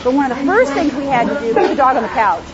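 A woman lecturing a class on dog training, lively and chatty, acting out what dogs think. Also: high-pitched, fast, over a noisy crowd, heavy background noise. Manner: lively, chatty, acts out dogs' thoughts in silly voices. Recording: dull, lo-fi classroom recording.

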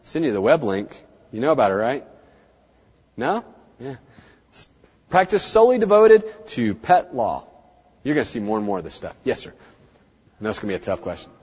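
A middle-aged man giving a seminar talk to an audience, chatty and animated, acting out the people he quotes. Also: medium pitch, brisk, long pauses, breathy edge. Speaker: veterinary practice speaker. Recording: muffled, dull sound in a reverberant hall.

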